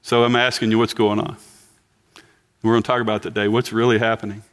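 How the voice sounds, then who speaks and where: A man's voice: lowish voice, flat delivery, brisk. Conversational man preaching a sermon. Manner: conversational, joking with the congregation. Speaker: pastor. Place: church.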